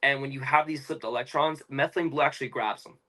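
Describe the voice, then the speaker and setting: A young man, an interview guest, explaining at length in a fast, emphatic, casual way with slang. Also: mid-range voice, bright, forceful tone, poor audio.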